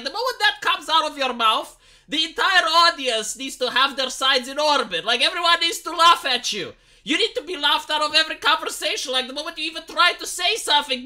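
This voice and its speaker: A woman's voice: high voice, pushed and bright. A woman streamer giving a mocking, emphatic opinion rant on gaming news, full of sarcasm. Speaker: commentary streamer. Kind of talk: ranting opinion commentary. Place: home streaming setup.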